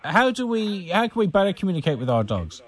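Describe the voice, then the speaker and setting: Radio host guy, slightly high voice, laid back, lots of uh. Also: brisk, a crowd in the background. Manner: relaxed, hesitant, with filler words. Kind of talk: radio interview.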